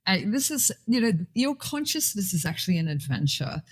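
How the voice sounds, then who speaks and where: A woman guest in casual chat, playful and animated, slipping into sing-song catchphrases. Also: medium pitch, a little fast. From Swaziland.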